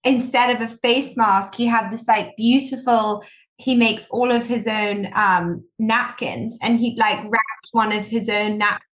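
A woman's voice: fairly high pitch, steady tone, unhurried, fairly bright tone. A young woman speaking in an interview, talking in long rambling sentences about her design partner. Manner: rambling, full of fillers and restarts. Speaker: designer, guest. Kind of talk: casual interview chat.

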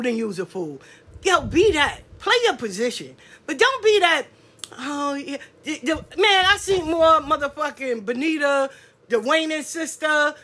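A woman with a higher-pitched, fairly bright, husky voice hosts a casual solo podcast. She rants bluntly and profanely, putting on other people's voices as she goes.

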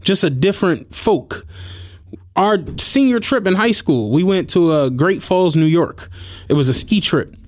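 A man's voice: high voice, measured pace. A young man, a podcast co-host, telling stories in a loose casual chat, acting out what people said and laughing often. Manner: animated, acts out quotes, laughs often.

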